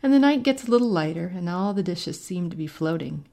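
A woman's voice: fairly low pitch, animated, fairly quick, vocal fry, warm tone. A woman narrating a first-person short story in a conversational, wry storytelling manner. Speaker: story reader.

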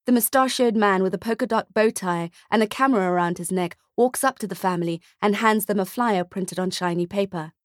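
A woman narrating a dark-humoured short story with a measured, scripted delivery. Her voice sits at a middle pitch for a woman and is recorded close and dry, with no room sound. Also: no echo. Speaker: audiobook narrator.

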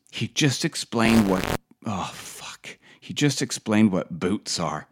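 A middle-aged man hosting a podcast, delivering a wry, scripted comic monologue with deadpan asides. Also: on the low side, takes it slowly, breathy edge. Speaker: podcast host.

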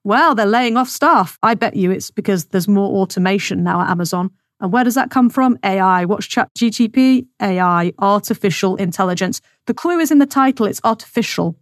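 A woman's voice: mid-range voice, animated, brisk, few pauses, dry recording. Lady podcaster ranting, sarcastic, keeps repeating herself for effect, dry close mic. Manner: scornful, sarcastic, emphatic repetition. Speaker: podcast host. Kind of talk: opinionated monologue.

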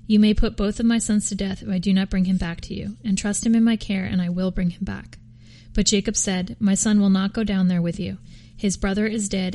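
A woman reading scripture aloud for a podcast, steady with occasional slips and restarts. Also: mid-range voice. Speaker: podcast reader.

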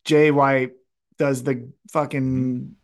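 Extremely slow and medium-pitched, with little pitch movement, this man co-hosts a laid-back wrestling podcast. He still talks animatedly, curses a lot, and raises his voice to act out quotes in the casual chat.

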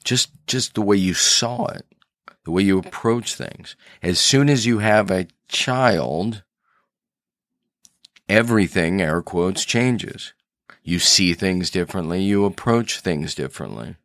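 Podcast host, man, deep unhurried voice, earnest storyteller, close dry mic. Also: a bit bright, no echo. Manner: earnest storyteller, thinking aloud with restarts. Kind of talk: reflective solo podcast talk.

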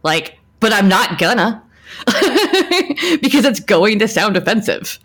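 A woman's voice: mid-range voice, normal speed, a bit bright. A young adult woman co-hosting a podcast, speaking frankly in casual chat and restarting her sentences often. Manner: frank, talks things through with many restarts and "like"s. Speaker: podcast co-host.

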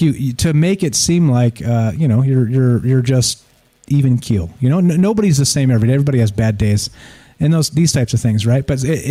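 A man's voice: mid-range voice, dark tone. A man hosting a casual live talk show, reading listener comments and rambling with frequent restarts and swearing.

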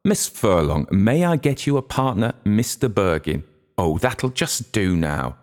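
A man reading a storybook voices a brisk, polite young woman hostess organizing dancers. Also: lowish voice, very animated, pitched above the performer's own voice. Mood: fussing. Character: busy young woman hostess and music teacher.

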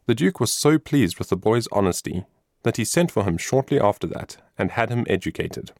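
Male storybook narrator, low and lively voice, dry close sound. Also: normal speed, gravelly, no room sound. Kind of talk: storybook reading.

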